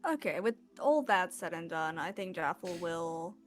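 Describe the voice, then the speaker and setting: Woman streamer at a game table, chatty and giggly, mid pitch, soft music bed. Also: animated, moderate pace. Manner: chatty, giggly, many restarts. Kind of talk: casual tabletop game chat.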